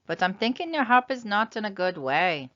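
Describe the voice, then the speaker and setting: A woman voicing a tiny mischievous male leprechaun with a high, shrill, loud voice in a storybook reading. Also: big pitch swings, moderate pace. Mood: sly. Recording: slightly dull lo-fi sound.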